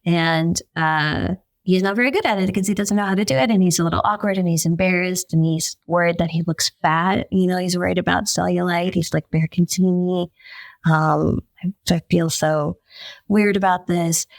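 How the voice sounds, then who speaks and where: A woman journalist, a podcast guest, telling a story in a lively way and acting out the quotes. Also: fairly low pitch, moderate pace, creaky, no room sound. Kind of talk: conversational storytelling.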